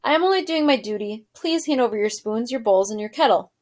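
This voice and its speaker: Woman voicing a storybook soldier, male, dutiful, formal, loud, patient. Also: fairly high pitch, lively intonation, a little fast, lightly acted. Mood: formal, firm. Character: the king's soldier, dutiful, stern but kind, male.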